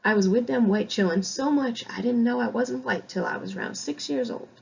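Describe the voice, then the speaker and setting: A woman's voice: a little high, moderate pace, creaky, slightly rough, dull audio, voice pushed up, exaggerated voice. A woman voicing a Southern woman recalling her childhood, reading a quote aloud in a put-on American Southern accent.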